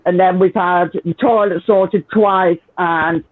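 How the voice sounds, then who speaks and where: A man's voice: high voice, fairly even intonation, slow, no echo. A man with a Northern English accent hosting a casual live chat, talking freely, swearing and laughing often. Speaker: livestream host. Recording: tinny phone-like line.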